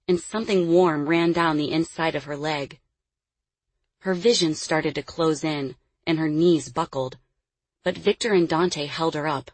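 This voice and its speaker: Brief: woman narrator for fiction, husky low voice, dry close recording, measured pacing. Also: no echo. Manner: measured storytelling, dropping quiet on dialogue tags. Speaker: audiobook narrator. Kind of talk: scripted narration.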